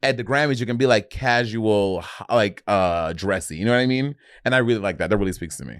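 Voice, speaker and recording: A young man co-hosting a podcast, expressive and quick to laugh. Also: on the low side, dry recording, studio quality. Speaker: podcast co-host. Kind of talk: casual chat.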